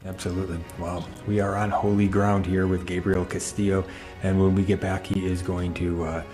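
A male interview host who speaks in a measured, explanatory way to his viewers. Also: deep voice, level tone, a little mellow, faint music behind. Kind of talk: interview hosting.

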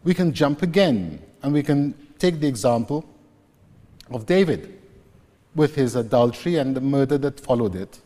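A man preaching a sermon, slowly and deliberately retelling scripture scenes. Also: mid-range voice, animated, dark tone. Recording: long reverb, echoey hall.

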